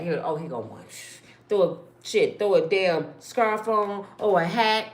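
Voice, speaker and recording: A woman's voice: mid-range voice, unhurried. Middle-aged woman vlogger, impassioned storyteller, home room with echo. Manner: impassioned, swings from quiet and tired to loud and exasperated. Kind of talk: casual storytelling vlog. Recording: echoey room.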